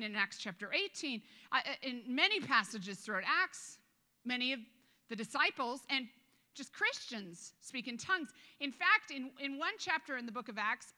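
A woman pastor gives a casual, joking sermon, slipping into quick acted asides. Her voice sits a little high and sounds bright and clear. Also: expressive. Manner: conversational and joking, with many restarts and acted asides.

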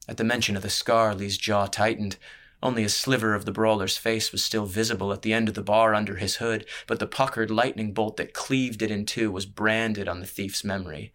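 Man, storybook narrator, fairly low voice, measured and even. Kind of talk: scripted audiobook narration.

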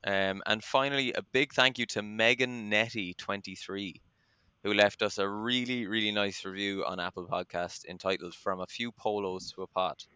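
Bright, clear-voiced Irish man hosting. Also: fairly low pitch, fairly even intonation, normal speed, no echo. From Ireland. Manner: chatty and self-deprecating, lots of ums. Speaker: podcast host. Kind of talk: casual podcast chat.

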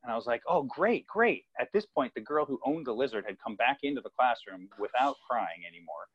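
Speaking fast in a husky, medium-pitched voice, a male podcast co-host recounts a story during a casual conversation. He animatedly performs the voices of the kids involved, and the recording sounds dry and a bit dull.

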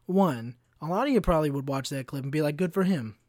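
Young man ranting profanely, slightly high voice. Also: animated, fast, a little mellow, no echo, studio quality. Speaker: podcast host. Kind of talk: solo podcast rant.

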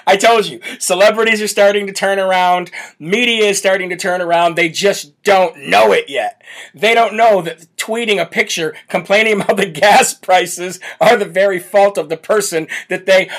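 A man's voice: sits high, moderate pace, a bit bright. A man hosting a live political commentary show, brash and mocking, reading viewer comments aloud between rants. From United States. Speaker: political talk show host.

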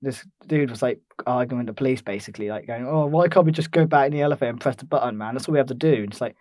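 A man's voice: mid-range voice, racing, few pauses, darkish tone, no echo. Rambling young Englishman telling a travel story. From England. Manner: rambling, full of "like" and restarts. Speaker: podcast co-host. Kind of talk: casual chat, storytelling.

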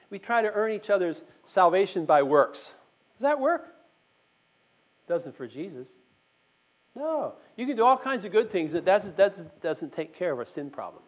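A man's voice on the high side, with big pitch swings at a moderate pace, comes through poor audio as he gives a conversational church sermon. He recently had a tooth pulled and speaks earnestly, addressing the congregation directly with questions.

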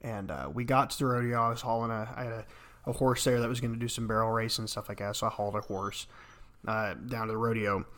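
A man's voice: fairly low pitch, flat delivery, fast, fairly bright tone. A man from Arkansas, co-hosting a podcast and telling rambling stories that he laughs through. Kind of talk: casual storytelling chat.

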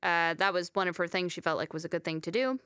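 A young woman tells stories on a casual podcast, laughing often as she goes. Her voice is bright and smooth. The sound is close and dry, with no room around it. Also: on the low side, quick pace, no room sound. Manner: storytelling, laughing, animated. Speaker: podcast co-host. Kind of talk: casual chat.

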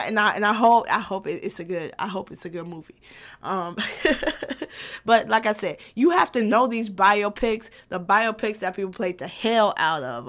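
A woman's voice: mid-range voice, a bit bright. A woman in her twenties talking casually as a vlogger, loose and profane, often restarting her sentences. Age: 20s. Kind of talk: casual chat.

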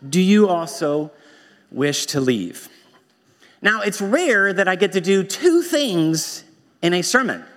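A man's voice: sits high, big pitch swings, slow pace, fairly bright tone. A male pastor delivering a sermon in a wry, conversational way, quoting lines from films. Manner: wry, conversational preaching with quoted movie lines. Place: church sanctuary. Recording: long church reverb.

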